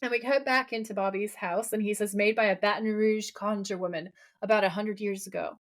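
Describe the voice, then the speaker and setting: A woman co-hosting a podcast in casual chat, recapping a TV episode with lively, laughing quotes of the characters. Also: medium pitch, fairly quick. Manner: animated, laughing, quoting characters in playful voices.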